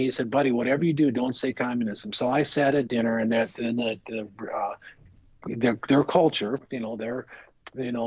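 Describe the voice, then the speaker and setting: A man's voice: mid-range voice, breathy edge, dry recording, dull audio. A man guest on a business podcast, telling stories in an earnest, rambling way full of restarts. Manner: earnest, rambling, frequent restarts and "you know". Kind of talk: casual storytelling interview.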